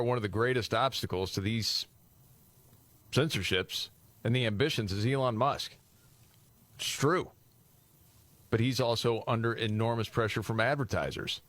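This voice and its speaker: A man's voice: lowish voice, a bit bright, dry recording. A man co-hosting a casual news talk podcast, teasing his co-hosts and steering the chat with questions. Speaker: podcast co-host leading the segment.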